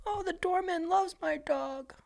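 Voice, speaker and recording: A man's voice: unhurried, gravelly, exaggerated voice. A man putting on a cooing dog-proud hotel guest. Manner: high, cooing baby talk. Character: gushing, fawning hotel guest showing off their dog.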